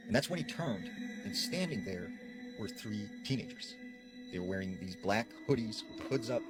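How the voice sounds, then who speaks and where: A man with a fairly low voice retells a spooky roadside encounter, slipping into the voices of the people he quotes. Music plays clearly under his narration. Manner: acts out quoted dialogue while retelling. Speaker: storyteller. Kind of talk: recounting a paranormal encounter. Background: background music.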